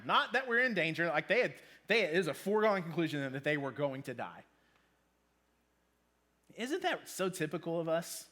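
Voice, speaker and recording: Man in his thirties, casual youth preacher, high voice, chatty and joking. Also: animated, normal speed, pauses often, bright, forceful tone. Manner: casual, joking, with many ums. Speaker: youth pastor. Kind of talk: sermon to students.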